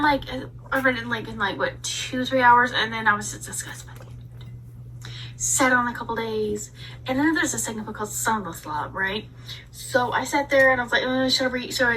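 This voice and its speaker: A woman vlogger ranting in a casual, animated way, telling a story with dramatic asides. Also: fairly high pitch, far from the mic, slight background noise, rough recording. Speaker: book reviewer vlogger. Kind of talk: casual rant.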